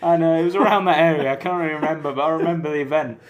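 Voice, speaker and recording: A man's voice: on the high side, steady tone, rapid-fire, muffled recording. A young man, co-hosting a casual, jokey podcast chat and telling stories with a lot of slang and laughter. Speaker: podcast co-host.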